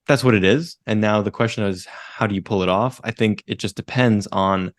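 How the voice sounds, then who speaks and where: Low-voiced young man explaining calmly. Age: young adult. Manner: measured, explains step by step with frequent "right?". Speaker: podcast co-host. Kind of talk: casual business podcast chat.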